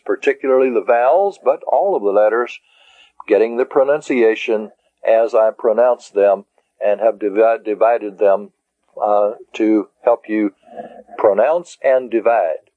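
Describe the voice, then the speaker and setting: A man teaching a taped language lesson, speaking deliberately and spelling words out syllable by syllable. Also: medium pitch, expressive, mellow, dry recording. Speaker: Greek teacher. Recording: dull lo-fi cassette tape.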